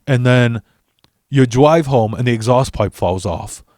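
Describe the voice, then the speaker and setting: A man's voice: medium pitch, unhurried, a little mellow, no room sound, natural voice. A man acts out a blunt, foul-mouthed best friend scolding his pal. The voice sits in an ordinary middle range. It is recorded very dry and close. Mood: mocking. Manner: swearing, scolding.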